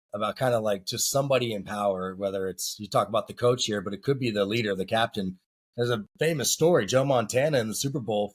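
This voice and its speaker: A man's voice: mid-range voice, husky. A man co-hosting a casual podcast as a soccer coach, chatty and rambling with filler words.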